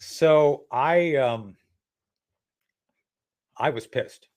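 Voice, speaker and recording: A man speaking as an interview guest, telling a story in a casual, animated way, acting out the dialogue and restarting his sentences often. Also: medium pitch, very slow.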